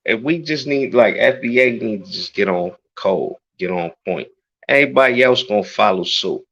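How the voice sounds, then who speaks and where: A man's voice: fairly low pitch, expressive, moderate pace, fairly bright tone, dull audio. A man speaking as a guest on an online panel, blunt and profane. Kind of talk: heated panel talk.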